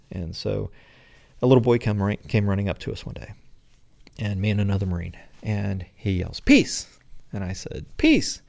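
A man's voice: on the low side, gravelly, warm tone. A middle-aged American man answering interview questions in a rambling way, full of fillers. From United States. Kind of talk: conversational interview.

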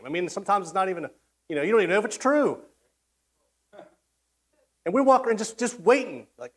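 Male pastor, sermon delivery, casual and conversational, slips into character voices, slightly higher pitch. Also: animated, brisk, long pauses, a bit bright. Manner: conversational, acts out quoted voices, frequent restarts.

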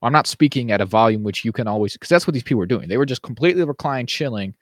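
A man's voice: medium pitch, animated, racing, dry recording, clean studio sound. A man co-hosting a podcast in casual chat, ranting animatedly and mimicking people he quotes. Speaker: podcast co-host.

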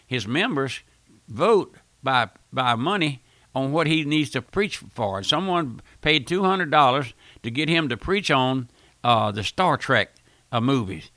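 An older radio preacher with a gravelly, forceful voice, recorded close and dry. He preaches a fiery sermon in a folksy, emphatic way, repeating his phrases and building to forceful bursts. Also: medium pitch, dry recording.

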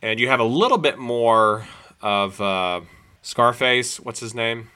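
A man's voice: measured pace, smooth. A man co-hosting a podcast, chatting casually and jokingly about movie trailers. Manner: animated, joking, pitch jumps when excited. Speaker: podcast co-host. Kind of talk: casual trailer-review chat.

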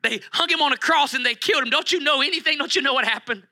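A man's voice: very high voice, fast talker, sharp tone, pitched above the performer's own voice, heavily acted. A male preacher voicing a grieving, bewildered young woman who pleads with urgent questions. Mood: frantic.

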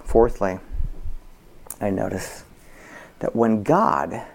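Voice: expressive, very slow, vocal fry, husky. A pastor preaching a sermon, asking the congregation rhetorical questions, repeating key words for emphasis and explaining word definitions. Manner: repeats key words for emphasis, dropping to soft low tones and rising high.

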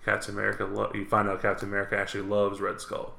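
A man co-hosting a casual podcast, rambling through fan theories in a relaxed way. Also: lowish voice, very fast, creaky, a crowd in the background. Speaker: podcast co-host. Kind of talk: casual chat. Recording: echoey room.

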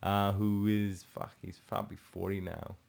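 A man's voice: fairly low pitch, flat delivery, normal speed, gravelly, a little mellow. A man talking casually as a podcast guest, rambling with restarts and swearing, a little tipsy. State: a bit tipsy. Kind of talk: casual chat.

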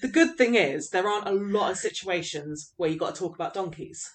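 A woman's voice: lowish voice, brisk. An English woman co-hosting a podcast, chatting casually with a dry, teasing manner. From England. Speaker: podcast co-host. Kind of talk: casual chat.

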